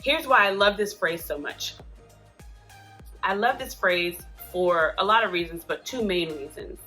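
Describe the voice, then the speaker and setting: Over soft background music, a woman with a mid-range, sharp-toned voice speaks a little slowly as she hosts a casual talk offering parenting support advice. She comes across chatty and earnest, with frequent asides.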